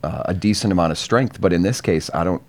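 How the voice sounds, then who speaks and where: A man's voice: low-pitched, fast talker, darkish tone. A man in a casual chat, explaining things at length in a knowing way.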